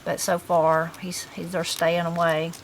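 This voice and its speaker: A woman's voice: on the low side, completely flat delivery, unhurried, slight background noise, rough recording. Appalachian woman, chatty and folksy. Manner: rambling, folksy storytelling with fillers. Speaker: host. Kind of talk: casual chat.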